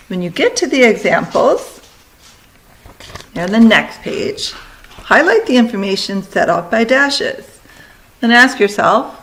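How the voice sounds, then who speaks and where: A woman teacher giving a recorded lesson, talking students through steps in brisk, directive instructions. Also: a little high, fairly bright tone, low-quality recording.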